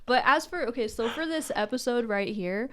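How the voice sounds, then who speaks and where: A woman in her twenties, a podcast guest talking casually, chatty and quick to laugh, with lots of "like" fillers. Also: a little high, expressive, a bit bright, slight background noise. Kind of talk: casual interview talk.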